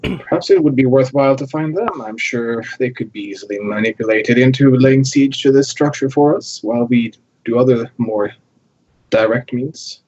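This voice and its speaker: A man's voice: mid-range voice, normal speed, a little mellow, muffled recording, a little hiss or hum. A man playing in a tabletop game, speaking formally and with scheming suggestions. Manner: formal, scheming in-character phrasing. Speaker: player. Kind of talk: casual tabletop play.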